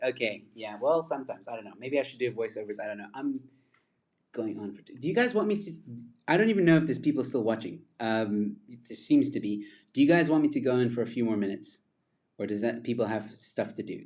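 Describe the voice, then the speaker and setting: Man, casual livestream host, somewhat low voice, chatty and rambling, laughs at himself. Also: a little mellow.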